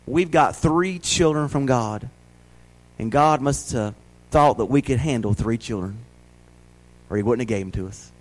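A man's voice: mid-range voice, a little slow, pauses often, poor audio. A man in his forties with a Southern US accent, preaching a folksy sermon full of rhetorical questions. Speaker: pastor.

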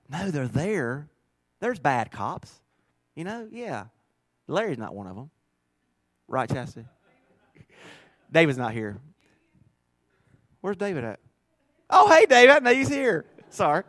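A middle-aged pastor with a high, bright-edged voice delivers a sermon. He drops to low, confiding murmurs, then rises into loud, fervent preaching. The sound is close and dry, with no room echo. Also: sing-song, measured pace, long pauses.

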